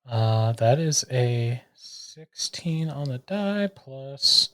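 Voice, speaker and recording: A man's voice: medium pitch, lively intonation, very slow, a bit bright. A man playing in a tabletop game, checking the rules and eager to attack. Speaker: player. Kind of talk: tabletop game play, casual chat.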